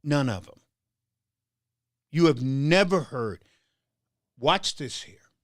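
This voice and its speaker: This political talk show host's voice sits a little high and sounds animated, though he speaks slowly. His commentary monologue is heated, full of stammered restarts and a preacher-like rhythm. The sound is dry and studio quality.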